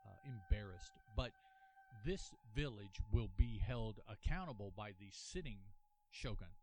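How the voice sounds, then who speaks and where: A man's voice: mid-range voice, wildly swooping pitch, a little slow, darkish tone, slight background noise. A man hosting a casual solo comic review, thinking aloud with many restarts and an earnest, apologetic manner. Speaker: podcast host reviewing a comic.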